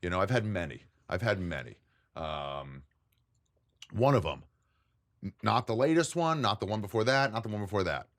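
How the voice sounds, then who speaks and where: A man's voice: normal speed, pauses often. A man, a guest comedian, chatting casually on a podcast, swearing freely and acting out what other people said. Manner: profane, animated, jumps pitch to act out quotes.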